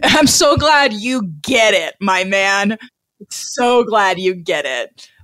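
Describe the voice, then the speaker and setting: A woman from Missouri co-hosting a podcast, reacting with quick jokes in casual chat. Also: medium pitch, lively intonation, fairly bright tone, dry recording. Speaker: podcast co-host.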